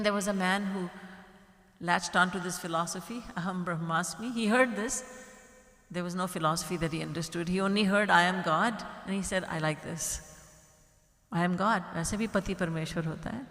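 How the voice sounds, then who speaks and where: A woman's voice: fairly low pitch, a bit bright. A woman gives a spiritual sermon in a large hall, with a long echo trailing after her words. She tells stories and acts out the voices of the people in them, sometimes with a light laugh. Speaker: spiritual teacher. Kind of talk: sermon storytelling. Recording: echoey hall.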